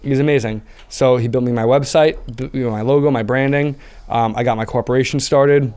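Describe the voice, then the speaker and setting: A man in his thirties chats as a podcast guest with a smooth, resonant voice at an ordinary middle pitch. He tells his story in a lively, casual way, leaning on plenty of filler words as he goes. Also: a little fast. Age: 30s. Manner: animated storyteller, heavy fillers. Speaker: podcast guest, business owner. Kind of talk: casual interview chat.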